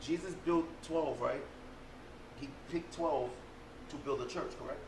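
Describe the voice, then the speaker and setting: Guy making a point like a preacher, slightly high voice, echoey room w faint background hum. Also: measured pace, a little mellow. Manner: talks like a preacher, asking questions and making points. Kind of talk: casual podcast banter.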